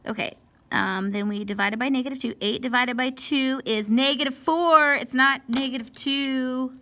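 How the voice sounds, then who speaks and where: A woman walks through a recorded math lesson step by step, her voice high, bright, and forceful at a moderate pace. She scolds herself over mistakes, talks to the equations, and sighs and whispers when frustrated.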